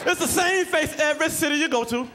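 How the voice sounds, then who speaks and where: A man performing a stand-up comedy set, telling stories loudly with profanity and bursts of shouting. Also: very high voice, fast. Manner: loud, profane, animated storytelling with shouts. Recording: live club with audience laughter and noise.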